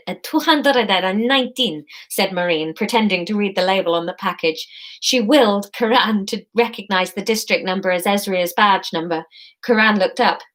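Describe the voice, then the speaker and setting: A woman hosting a live audience-choice story, reading her own narration with quick self-mocking asides and casual swearing. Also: mid-range voice.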